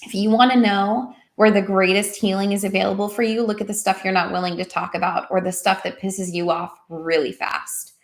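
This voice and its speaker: A woman hosting a livestream, telling a personal story in a chatty, animated way and reading out chat comments. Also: medium pitch, fairly quick, few pauses. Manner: chatty and animated, quotes others in lively voices, laughs readily. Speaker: host of an emotional healing livestream. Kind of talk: casual storytelling and coaching on a livestream.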